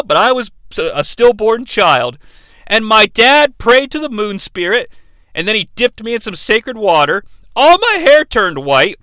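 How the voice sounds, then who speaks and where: A snippy young princess who spits sarcasm and swears, as a man puts her on in nearly his own voice. The sound is bright and dry. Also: sits high, smooth, dry recording, voice pushed up, heavily acted. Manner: sarcastic, profane.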